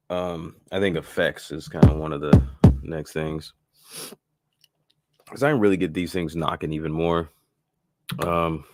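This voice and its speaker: A man's voice: extremely low pitch, background noise. A man hosting a casual live-stream beat-making tutorial, talking in a loose, rambling way with lots of fillers and restarts.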